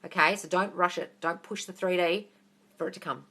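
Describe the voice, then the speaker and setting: A woman's voice: lowish voice, fairly even intonation, moderate pace, bright, forceful tone, husky. A woman in her thirties with an Australian accent, answering viewer questions on a livestream in a blunt, profane way and calling listeners darling. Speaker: manifestation coach.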